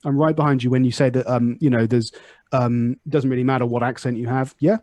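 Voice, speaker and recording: A man's voice: medium pitch, fairly even intonation, a little fast, darkish tone, no room sound. A man from England with an English accent, hosting a podcast in casual conversation and thinking aloud through examples. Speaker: podcast host.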